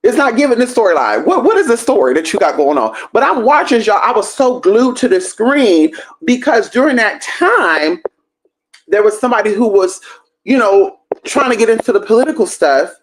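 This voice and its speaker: A woman hosting a livestream, telling a story in a sassy, profane, animated way. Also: a little high, moderate pace. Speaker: livestream host.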